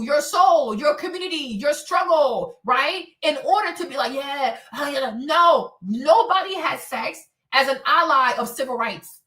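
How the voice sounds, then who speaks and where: A woman's voice: sits high, bright, forceful tone, roomy sound, recorded from a distance. A woman streamer ranting in live commentary, profane and emphatic, who keeps asking her audience "right?".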